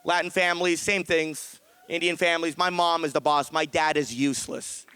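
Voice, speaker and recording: Man, stand-up set, high pitch, bright ringing tone, animated storytelling. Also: normal speed, clean tone, no room sound. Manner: animated storytelling, acting out his mom and dad. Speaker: stand-up comedian.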